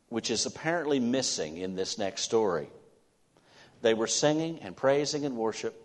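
Male pastor preaching, goes loud and punchy then drops real soft and slow, long echo like a big church hall. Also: mid-range voice. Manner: swings from loud emphatic stretches to soft, slow, quiet endings. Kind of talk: sermon. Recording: long reverb of a large hall.

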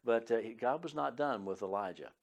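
A man's voice: mid-range voice, lively intonation, a little fast, gravelly. A man, a pastor and Bible teacher, preaching an earnest, emphatic sermon with frequent fillers. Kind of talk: radio sermon.

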